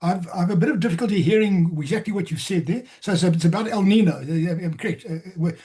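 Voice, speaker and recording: A man's voice: sits high, quick pace, mellow. A man who grew up in Southern Africa, answering audience questions on a video call, hesitant with many restarts.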